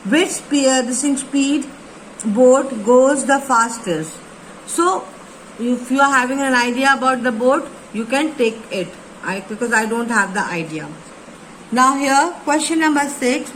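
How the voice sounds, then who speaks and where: A woman teaching a lesson, reading textbook lines slowly and repeating her phrases as she explains. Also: high voice, a bit bright, slight background noise, rough recording. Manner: repeats phrases, slow deliberate reading with pauses. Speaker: English teacher. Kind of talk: slow classroom explanation, reading textbook aloud.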